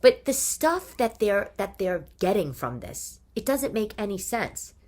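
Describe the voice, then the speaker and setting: A woman's voice: mid-range voice, sing-song, unhurried, darkish tone. A woman with a New York accent, a mother hosting a casual monologue from her living room, chatty and opinionated, firing off rhetorical questions. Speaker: podcast host.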